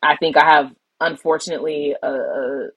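A woman's voice: low-pitched, steady tone, normal speed, slightly rough, no room sound, poor audio. A woman in a casual podcast chat, talking in rambling asides and laughing often.

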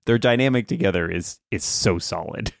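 Man, low and gravelly, loose chatty podcast host recapping a film. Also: moderate pace, no echo, clean studio sound. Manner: rambling, full of fillers and laughs. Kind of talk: casual movie discussion.

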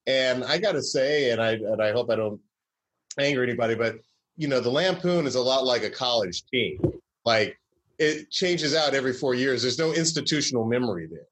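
A man's voice: mid-range voice, brisk, fairly bright tone, a little hiss or hum. A man from Georgia, a comedy writer, telling stories in a casual interview with many fillers and restarts.

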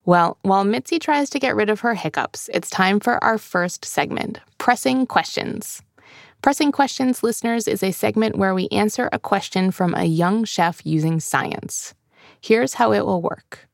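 A woman hosting a scripted children's cooking podcast, explaining steps in a clear, friendly, steady way. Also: medium pitch, normal speed, dry recording, studio quality. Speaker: host and magazine editor.

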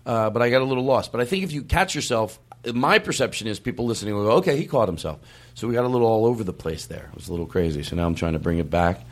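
Fast-talking animated male podcast host. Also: on the low side. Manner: animated, self-aware, jumps into mock voices. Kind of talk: rambling comedy podcast chat.

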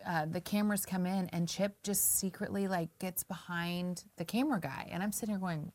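A woman's voice: lowish voice, fairly even intonation, fairly quick, few pauses, a little mellow. A woman in her forties in casual conversation, telling a story and acting out her own past thoughts. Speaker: guest.

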